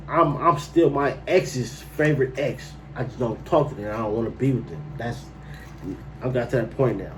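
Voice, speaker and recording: A man's voice: mid-range voice, normal speed, distant mic, a little hiss or hum, poor audio. A man telling a personal story to camera in a casual, slangy way, breaking into incredulous outbursts.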